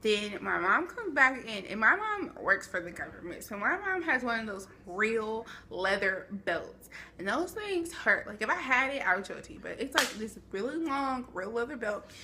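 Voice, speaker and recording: A young woman vlogging a storytime, animated and chatty with dramatic asides, speaking to a camera at home. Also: fairly high pitch, normal speed. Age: young adult. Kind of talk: storytime vlog.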